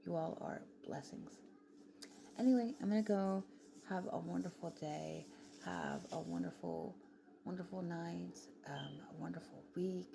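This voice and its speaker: A woman vlogging in a casual, rambling way, often dropping to a whisper. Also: a little slow. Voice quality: gravelly, low voice. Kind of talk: casual late-night vlog chat. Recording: clear background noise.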